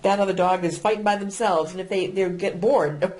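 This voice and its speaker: A woman's voice: lowish voice, brisk, a little mellow, slight background noise, low-quality recording. A woman co-hosting a podcast, rambling through analogies as she talks. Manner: rambling, reaches for sports analogies. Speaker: podcast co-host. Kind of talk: podcast chat.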